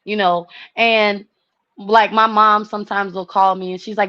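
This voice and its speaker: A woman in her thirties chats with a friend, lively and full of laughter. Her voice is mid-pitched. The recording sounds dull and dry. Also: normal speed, dry recording. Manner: animated, laughing, acts out relatives' voices. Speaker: host. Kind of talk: casual chat.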